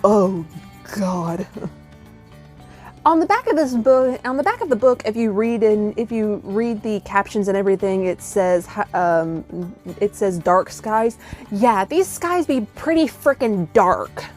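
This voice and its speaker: A woman's voice: medium pitch, lively intonation, a little slow, a little mellow, soft background music. A young woman reviewing a book in a casual vlog, gushing and dramatic, with lots of fillers. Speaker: book vlogger.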